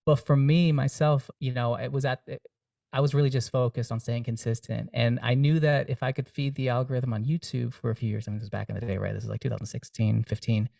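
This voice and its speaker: A man's voice: mid-range voice, fairly even intonation, fast talker, gravelly, mellow, no echo, studio quality, recorded from a distance. A young man, a singer-songwriter guest, talking earnestly and reflectively in a casual interview, with many fillers and restarts.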